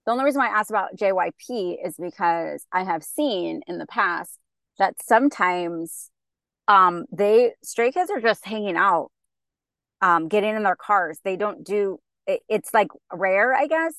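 A woman's voice: mid-range voice, lively intonation, a little slow, a bit bright, no room sound. A woman co-hosting a podcast, chatting casually and enthusiastically, rambling with many fillers. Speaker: podcast co-host. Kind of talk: casual fan chat.

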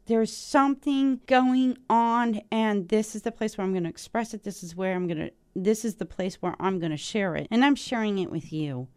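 Animated woman podcast host, smooth voice. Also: mid-range voice, no room sound, studio quality. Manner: animated, excitable, thinks out loud; stumbles over ancient names. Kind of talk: solo spiritual podcast, reading and musing aloud.

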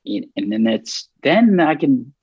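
With a breathy edge to his mid-range voice and dull audio that has no echo, a man shares a story in a casual interview. He owns up to being a bit nervous; his delivery halts and restarts, but he animatedly acts out the dialogue.

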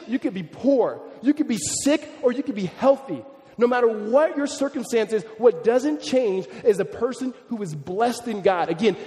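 A man preaching a sermon in a church, telling a story and acting out the quoted voices, with his delivery dropping to a hush and rising to emphasis. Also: high voice. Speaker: pastor. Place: church hall. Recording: long hall reverb.

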